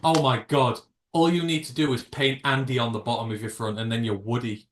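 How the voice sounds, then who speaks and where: A man's voice: medium pitch, fairly even intonation, a little fast. A British man hosting a live reaction stream, rambling and jokey, with casual swearing. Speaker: livestream host.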